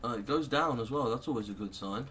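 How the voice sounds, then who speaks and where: A man's voice: mid-range voice, quick pace, fairly bright tone, a little hiss or hum. British man giving sarcastic game commentary. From Britain. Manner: sarcastic, swears freely, mutters to himself. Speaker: let's play host. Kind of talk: casual gameplay commentary.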